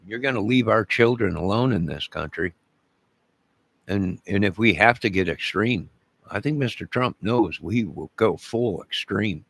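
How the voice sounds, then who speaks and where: A man's voice: on the low side, measured pace, vocal fry, a bit bright, husky. A man delivering an angry, profane, repetitive rant to camera, making demands over and over. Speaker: vlogger.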